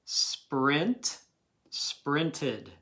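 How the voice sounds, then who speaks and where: Brief: male grade-school teacher, unhurried and patient, coaxing kids along with questions. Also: fairly high pitch, sing-song, bright, forceful tone. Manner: patient, checks in with frequent "okay?" and questions to young listeners. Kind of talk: recorded phonics review lesson.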